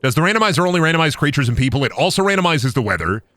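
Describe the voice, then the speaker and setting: A young man streaming a game, excitable and swearing freely. His voice is bright and swings widely in pitch, breaking into loud laughter. The sound is dry and close. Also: very fast, no room sound. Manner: profane, laughs a lot, excitable. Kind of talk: casual gameplay commentary.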